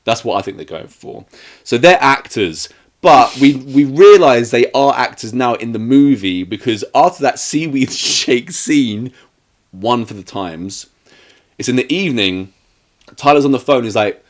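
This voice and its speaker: Animated sarcastic man reviewing films. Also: mid-range voice, unhurried. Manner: animated, sarcastic, acts out quotes. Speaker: podcast co-host. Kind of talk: casual movie review chat.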